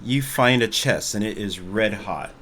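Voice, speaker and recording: A man's voice: lowish voice, measured pace, fairly bright tone, slight background noise. A man narrating as game master for an online tabletop game, talking casually with lots of "like" as he describes the scene. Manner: casual, filler-heavy narration. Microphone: online voice call.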